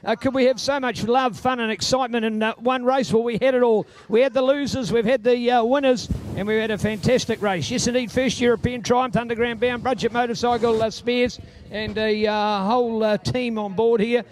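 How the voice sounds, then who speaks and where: High, fast-talking Kiwi race interviewer. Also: male voice, steady tone, a little hiss or hum. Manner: effusive, chummy, calls everyone mate. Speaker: trackside interviewer. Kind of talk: post-race podium interviews. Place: outdoor motorsport circuit.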